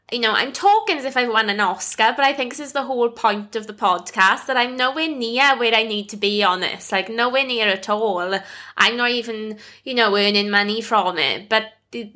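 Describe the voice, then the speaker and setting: A woman's voice: medium pitch, sharp tone. A young British woman hosting her own podcast, talking to listeners in an earnest, effusive and heartfelt way. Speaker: podcast host. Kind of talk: casual solo podcast monologue.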